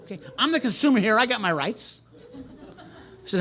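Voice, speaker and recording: At a retreat, an older Texan shares his recovery story with a group, wry and self-mocking, joking and laughing at himself. He talks briskly in a high-pitched, pushed, bright voice with lively intonation. A little hiss or hum is audible.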